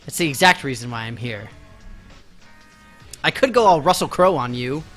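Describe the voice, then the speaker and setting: A man's voice: medium pitch, lively intonation, moderate pace, fairly bright tone, faint music behind. A man chatting casually with his viewers during a live game stream, laughing often and teasing them with mock offense.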